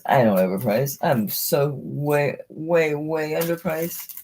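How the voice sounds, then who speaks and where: Excitable low-voiced woman selling jewelry. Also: unhurried, a little hiss or hum. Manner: chatty, excitable, talks to the jewelry. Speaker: online jewelry seller. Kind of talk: live-stream sales chat.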